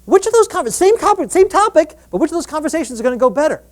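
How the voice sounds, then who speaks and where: Woman lecturer at a live event, expressive and talky, often restarts mid-sentence, swinging pitch. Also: rapid-fire. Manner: animated, acts out quoted dialogue, frequent restarts. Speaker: relationship researcher giving a public talk. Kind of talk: lively public lecture. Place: live event before an audience.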